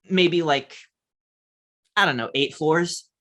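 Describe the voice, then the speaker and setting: A man's voice: medium pitch, moderate pace, a bit bright. A man narrating as game master of a tabletop game, describing scenes casually with lots of fillers.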